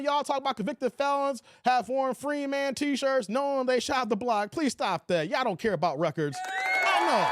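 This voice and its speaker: A man hosting a livestream, reading viewers' chat and roasting them in casual, slangy, taunting talk. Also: sits high. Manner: trash-talking, taunting and slangy; animated, laughs often.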